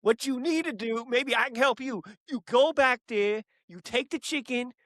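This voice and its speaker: A man voicing a big, intimidating New Jersey tough guy who bosses a young cashier around, slow and drawn out. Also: extremely high pitch, a bit bright, no room sound, studio quality, voice pushed up. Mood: bossy, impatient. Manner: slow, drawn-out, demanding delivery.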